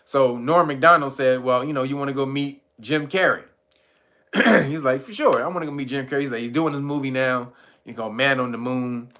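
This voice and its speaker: A man's voice: medium pitch, brisk, a bit bright. Laughing man retelling comedy bits. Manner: laughs often, retells jokes with put-on voices. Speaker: streamer host. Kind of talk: casual storytelling.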